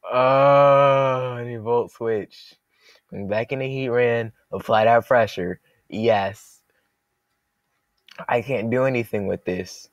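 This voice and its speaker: A young man giving casual, jokey play-by-play of his own game, thinking aloud and reacting loudly to each turn. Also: medium pitch, takes it slowly, no echo, lo-fi sound. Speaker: gaming commentator.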